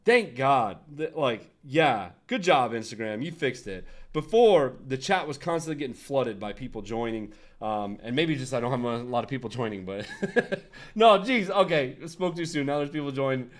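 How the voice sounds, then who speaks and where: A man's voice: mid-range voice, lively intonation, moderate pace. A young man hosting a casual design livestream, rambling and laughing as he chats with viewers. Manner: rambling, restarts, frequent laughs and asides to chat. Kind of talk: casual livestream chat and tutorial.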